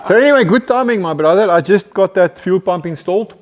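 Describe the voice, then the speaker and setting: This vlog host, a South African man fixing up an old truck, talks fast in a high, animated voice. He keeps things casual, chatty and upbeat, frequently tagging "eh" onto the end of his lines.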